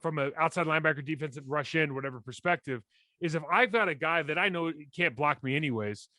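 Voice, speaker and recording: Bright, animated man talking football. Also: fairly high pitch, quick pace, no echo. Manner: animated, explains plays in detail, many restarts. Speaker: podcast co-host, former NFL lineman. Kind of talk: casual sports chat.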